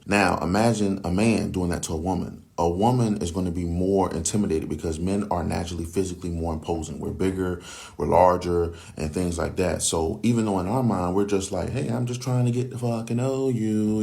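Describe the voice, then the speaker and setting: Deep gravelly man, blunt and profane. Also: a little mellow. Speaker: commentator. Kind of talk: casual monologue.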